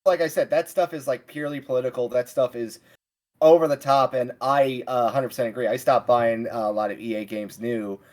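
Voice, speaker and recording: A man's voice: medium pitch, fairly even intonation, brisk, darkish tone. A man hosting a casual podcast, easygoing and rambling, circling back through his thoughts before landing a point. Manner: rambling, many fillers and restarts, easygoing. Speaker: podcast host.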